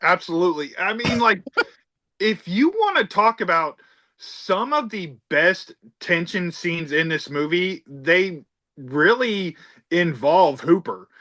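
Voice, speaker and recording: A man appearing as a podcast guest, chatting about a film in an animated, exclamatory way. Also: sits high, slow. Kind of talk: casual film discussion.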